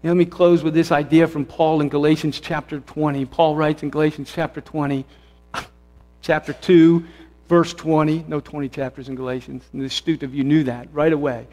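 A man's voice: on the high side, a little mellow. Fervent man preaching in a reverberant hall. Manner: conversational, self-correcting, builds to fervent emphasis. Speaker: pastor. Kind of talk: sermon. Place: church sanctuary.

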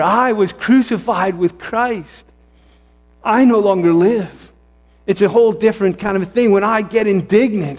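A man's voice: high voice, normal speed, creaky, soft background music. Fervent man preaching in a reverberant hall. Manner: conversational, self-correcting, builds to fervent emphasis. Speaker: pastor. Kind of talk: sermon. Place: church sanctuary.

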